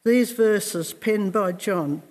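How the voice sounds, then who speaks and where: A man preaching a sermon in a slow, earnest and reflective way, with measured pauses. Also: sits high, long reverb tail.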